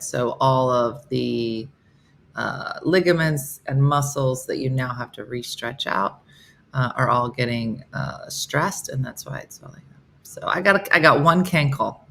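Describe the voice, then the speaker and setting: Chatty low-voiced woman in her fifties. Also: measured pace, a bit bright, slight background noise. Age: 50s. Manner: chatty, joking, answers viewers by name. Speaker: host of a live morning show. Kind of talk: casual live-stream chat reading comments.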